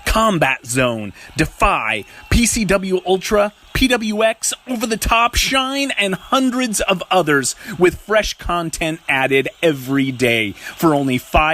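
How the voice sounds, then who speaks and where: Male ad announcer, upbeat salesy read, higher voice. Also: lively intonation, unhurried, hardly any pauses, fairly bright tone. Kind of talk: read advertisement.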